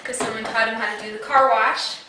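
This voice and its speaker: A woman's voice: fairly high pitch, steady tone, a little fast. A woman filming a home video in a living room, gushing and giggling as she voices what the dog is thinking. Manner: gushing, giggly, narrates the dog's thoughts. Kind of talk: excited home-video chatter. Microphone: handheld camera or phone. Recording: echoey room with noisy home-video sound.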